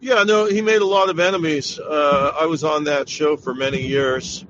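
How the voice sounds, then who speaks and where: A man guest in a casual podcast chat, telling stories in a measured way. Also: a little high, steady tone, fairly bright tone, muffled recording, a little hiss or hum.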